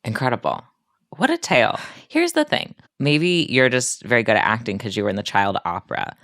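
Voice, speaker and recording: A woman's voice: a bass voice, big pitch swings, brisk, a bit bright, no room sound, studio quality. A woman hosting a podcast, reacting playfully in casual chat. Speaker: podcast host.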